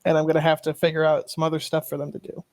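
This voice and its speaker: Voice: mid-range voice, monotone, very fast, darkish tone, no room sound, studio quality. A game master narrating and checking in with players, easygoing and explanatory.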